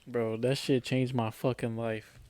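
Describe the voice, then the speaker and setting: A young man in his twenties chats loosely on a podcast, swearing freely and peppering his talk with "like" and "bro". His voice sits at an everyday middle pitch. He rambles and restarts mid-thought, like a friend telling a story. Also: level tone, a little slow, darkish tone. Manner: loose and profane, heavy on "like" and "bro". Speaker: podcast co-host. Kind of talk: casual chat among friends.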